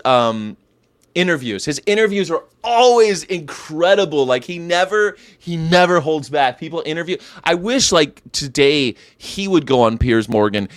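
A man's voice: on the low side, dry recording. A man hosting a daily vlog, with rambling, jokey talk and frequent laughs. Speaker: host. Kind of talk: casual daily vlog monologue.

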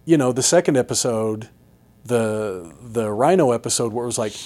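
A man co-hosting a podcast, talking in an animated, emphatic and opinionated way. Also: mid-range voice, moderate pace. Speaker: podcast co-host. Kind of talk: casual chat.

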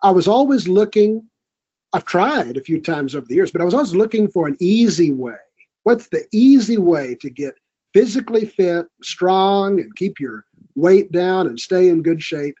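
High-voiced earnest man in a muffled studio. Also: animated, moderate pace, warm tone, breathy edge. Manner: earnest, encouraging. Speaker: podcast guest. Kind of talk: casual studio conversation. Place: recording studio.

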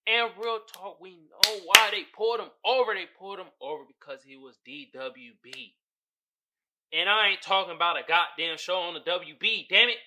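A man hosting a podcast, giving casual solo commentary in an animated, profane way, often laughing and putting on voices. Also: sits high, moderate pace, a little hiss or hum. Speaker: podcast host.

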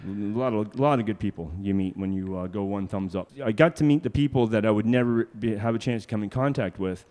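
A man's voice: lowish voice, quick pace, a little mellow, in a large hall. A man, a hitchhiker guest telling road stories in a casual, rambling way. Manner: rambling, many fillers and restarts, laughs often. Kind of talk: casual storytelling.

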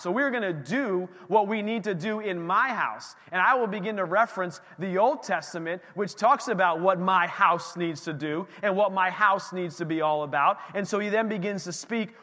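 A male pastor delivers an animated sermon in a high, bright voice, firing off rhetorical questions. His voice rings with long reverb in a church hall.

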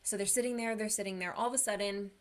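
Talking fast with fairly even intonation in a mid-range voice, a young woman mental health coach for anxiety and depression gives a heartfelt, casual motivational speech, using "like" frequently.

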